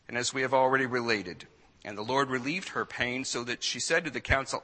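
Man, preacher, sermon, dramatic reading, hushed to loud, sharp bright voice. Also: medium pitch, fairly quick, long reverb tail.

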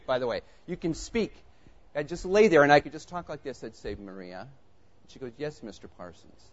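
A man preaching a sermon, telling a personal story in an animated, conversational way before turning to scripture. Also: mid-range voice. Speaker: pastor. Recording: muffled lo-fi recording.

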